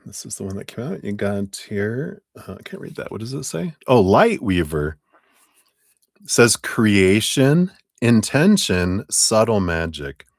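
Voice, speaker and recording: A man with a very low voice gives a tarot reading on a live stream. He is relaxed and chatty and talks in spiritual terms. His voice is close and dry, with no room sound. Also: moderate pace, gravelly, breathy edge, dry recording. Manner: relaxed, chatty, thanks donors, spiritual wording. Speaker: tarot reader. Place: home.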